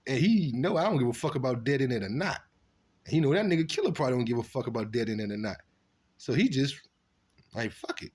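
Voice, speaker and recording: A man casually telling stories from his past, animated and profane, acting out what people said. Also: mid-range voice, quick pace, breathy edge. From Virginia. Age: adult. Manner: animated, profane street storytelling with acted-out quotes. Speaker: storyteller recounting his past. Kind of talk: casual storytelling monologue.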